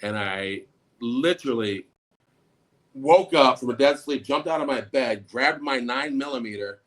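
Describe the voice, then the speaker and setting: Animated middle-aged man telling a story. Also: mid-range voice, normal speed. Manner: animated, acts out quotes in a raised, shouting voice. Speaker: podcast co-host. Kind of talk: casual storytelling.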